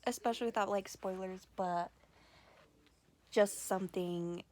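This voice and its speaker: A woman book vlogger chatting casually, excitable and gushing, swearing freely and filling her talk with "like". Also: mid-range voice, measured pace. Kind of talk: casual vlog chat.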